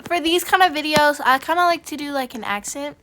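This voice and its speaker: A woman's voice: sits high, lively intonation, fairly quick, a bit bright, slight background noise. A woman vlogger chatting casually as she signs off, giggly and blowing kisses. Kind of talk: casual video sign-off.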